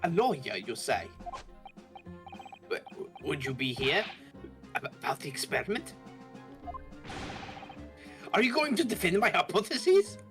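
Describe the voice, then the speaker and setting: A woman's voice: on the low side, sing-song, a little slow, long pauses, over music, pitched above the performer's own voice. Woman doing a grandiose mad professor. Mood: suspicious. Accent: German put-on. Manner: grandiose, jargon-heavy proclamations. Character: eccentric excitable male professor scientist.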